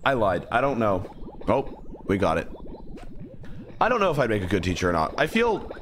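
A man's voice: lowish voice, moderate pace, slight background noise. A young man streaming a game live, rambling and joking as he plays. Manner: rambling, excitable, jokey. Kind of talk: live gameplay commentary.

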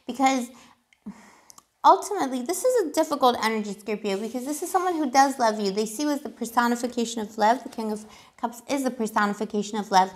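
A woman giving a casual tarot reading, chatty and giggly, with lots of fillers. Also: a little high. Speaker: tarot reader.

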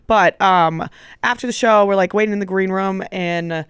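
A young woman co-hosting a podcast, telling a story in casual chat, animated and swearing freely as she acts out her own reactions. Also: medium pitch, moderate pace, clear, resonant tone, no echo. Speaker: podcast co-host.

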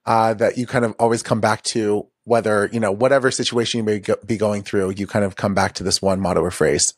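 A man's voice: on the low side, steady tone, fairly quick, dry recording, studio quality. A man hosting a podcast interview, encouraging his guest and asking open questions. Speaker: podcast host.

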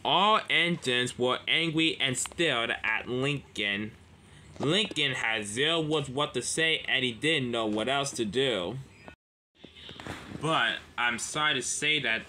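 A man narrating a homemade toy-train story in a rambling, halting way. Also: medium pitch, bright, forceful tone, a little hiss or hum.

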